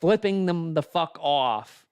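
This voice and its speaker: Podcast cohost guy, swears, pushes back, smooth voice, dry room. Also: on the high side, animated, slow pace, no echo. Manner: profane, teasing, challenging. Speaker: podcast co-host. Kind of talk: casual chat.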